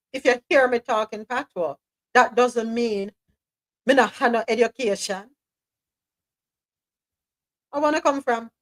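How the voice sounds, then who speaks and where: A woman with a fairly high voice, heard on poor-quality audio. She's a Jamaican host of a live talk show, offering casual commentary in an animated, emphatic way and sometimes slipping into patois.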